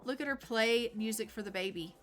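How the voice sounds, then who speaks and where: A woman's voice: a little high, a little fast, a bit bright. A woman hosting casual gameplay commentary, chatty and full of fillers like "like" and "um". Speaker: gaming channel host. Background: faint game music.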